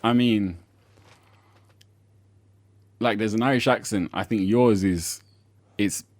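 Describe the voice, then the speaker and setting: Man, podcast host, casual interview, laid-back, says like a lot, lowish voice, dry sound. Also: takes it slowly, no echo. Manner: relaxed, lots of "like" and "yeah" backchannels.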